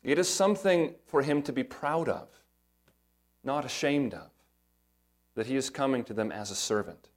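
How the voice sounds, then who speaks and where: A pastor with an ordinary mid-range male pitch delivers an earnest, emphatic sermon at normal speed with lively intonation. He pauses often and uses rhetorical questions to draw in the congregation.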